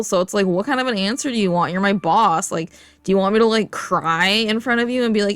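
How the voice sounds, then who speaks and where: A woman's voice: mid-range voice, a little fast, no echo. A woman talking to camera in a casual comedic rant, rambling off on tangents and swearing freely. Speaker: comedic vlogger.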